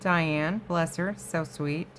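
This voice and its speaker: Her voice deep and steady, the crafting vlogger talks slowly to viewers from her home craft room, showing things off casually and wandering onto tangents. A slight hiss or hum is audible.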